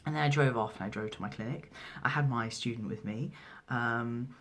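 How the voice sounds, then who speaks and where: A man's voice: mid-range voice, moderate pace, fairly bright tone. A young trans man, a midwife, telling a personal story casually to camera, hesitant, with many fillers and restarts. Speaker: midwife and vlogger.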